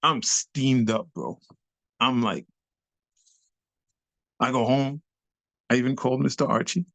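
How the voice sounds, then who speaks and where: Gravelly older man telling a street story. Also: mid-range voice, takes it slowly, no room sound. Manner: lively, acts out other voices, street slang and cursing. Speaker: interview guest, nightclub dancer. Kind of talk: animated storytelling in an interview.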